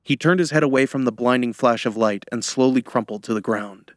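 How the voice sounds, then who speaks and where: A man narrating a fantasy audiobook in a measured, steady storytelling style. His voice sits in an ordinary middle pitch. The sound is close and dry, with no room around it. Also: no room sound. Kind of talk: scripted narration.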